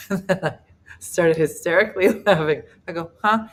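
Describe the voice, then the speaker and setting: A woman's voice: lowish voice, moderate pace. A middle-aged woman comedian and host, telling a self-mocking story in casual group chat and laughing as she goes. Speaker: comedian and talk show host.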